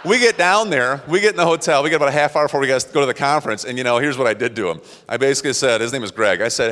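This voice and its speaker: A man giving a motivational talk, telling personal stories in an animated way and acting out quotes. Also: medium pitch, racing, big-room sound. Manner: animated, acts out quotes, laughs at himself. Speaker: motivational speaker. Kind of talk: storytelling talk to an audience.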